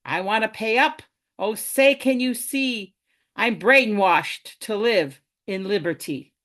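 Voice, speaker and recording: A woman's voice: mid-range voice, takes it slowly, a bit bright. A woman poet reading a wry, ranting rhymed poem over a video call. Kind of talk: rhyming poetry reading.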